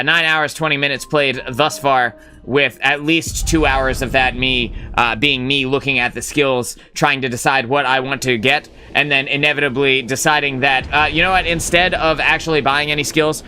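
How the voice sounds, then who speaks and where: Streamer dude rambling to chat, lots of uh and like, bright punchy voice, kinda sweary. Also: male voice, medium pitch, a little hiss or hum. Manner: rambling and filler-heavy, with frequent "uh" and "like"; blunt and profane, reading and answering chat. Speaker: live-stream gaming host. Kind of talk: casual live-stream chat.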